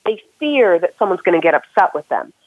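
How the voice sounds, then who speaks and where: A woman's voice: lowish voice, very animated, a little fast, dry recording. A woman guest on a podcast interview, giving earnest career advice step by step. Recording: tinny phone-line audio, dry.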